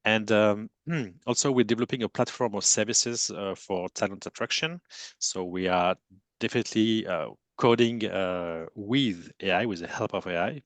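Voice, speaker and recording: A man's voice: fairly low pitch, moderate pace, no room sound. A man from France with a strong French accent, introducing himself on a webinar panel hesitantly, with many fillers and self-deprecating remarks. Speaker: panelist, agency CEO.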